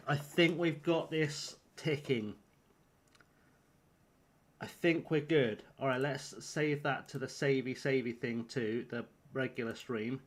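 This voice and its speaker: A man talks through a football management game on a live stream. His voice sits in an ordinary middle pitch, and he rambles and fusses aloud as he sorts out his lineup. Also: slow. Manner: rambling, flustered, talks to himself while picking a team. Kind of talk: live-streamed gameplay commentary.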